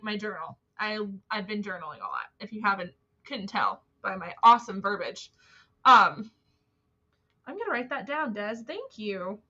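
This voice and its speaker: A woman's voice: mid-range voice, pushed and bright. A woman hosting a casual spiritual live-stream, bubbly and gushing, chatting with fillers and reading quotes aloud. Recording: dull lo-fi stream audio.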